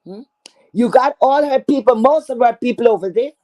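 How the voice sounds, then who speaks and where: A woman's voice: a little high, a little fast, mellow. A woman delivering an angry, profane callout rant, confrontational and scornful, often repeating herself. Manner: repetitive, stammering restarts. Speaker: online streamer.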